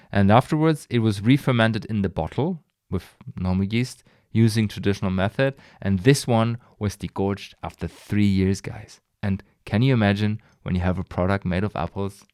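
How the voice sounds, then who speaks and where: A man's voice: on the low side, darkish tone, no echo, clean studio sound. A man hosting a casual solo podcast, talking enthusiastically in a rambling way, with frequent restarts, sighs and laughs. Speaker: podcast host.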